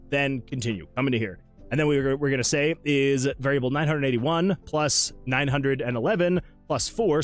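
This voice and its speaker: A man streaming his game development, chatting in a casual, rambling way and poking fun at himself. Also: medium pitch. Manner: rambling, chatty, with self-deprecating asides. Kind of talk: casual livestream chat.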